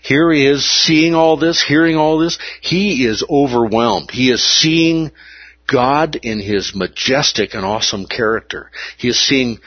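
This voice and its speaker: A man's voice: mid-range voice, slightly rough, no room sound, dull audio. A man preaching a sermon, emphatic and repeating key words for weight.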